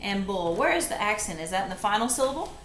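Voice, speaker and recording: A woman's voice: mid-range voice, very animated. A woman reading tutor giving a step-by-step phonics lesson, patiently sounding out and spelling each word. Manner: patient, slow and deliberate, sounding out syllables. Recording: echoey room, distant mic, faint hiss.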